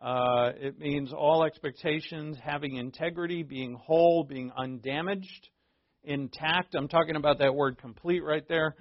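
A man with a somewhat high voice teaches a Bible passage verse by verse, talking it through casually and restarting phrases as he goes. The recording sounds dry and a little dull, with no room around him. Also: steady tone, unhurried, dry recording. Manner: conversational and digressive, with frequent restarts; explains terms plainly for listeners.

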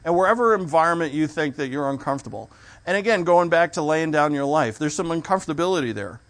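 A man's voice: fairly high pitch, expressive, fast talker, a bit bright. A man preaching a sermon in a conversational way, stopping and restarting his sentences as he explains a scripture.

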